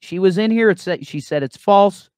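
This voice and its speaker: A man's voice: high-pitched, normal speed, a little mellow, clean tone, dry recording, clean studio sound. Emphatic man on a live stream. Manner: emphatic, repeats "okay?" and "there you go". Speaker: co-host of a live call-in stream. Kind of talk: heated live stream talk.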